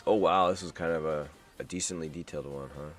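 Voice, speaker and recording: A man's voice: a bass voice, fairly even intonation, fast, fairly bright tone, faint music behind. A man hosting a live stream, reacting to news in a rambling, wisecracking way and swearing freely. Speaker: streamer host.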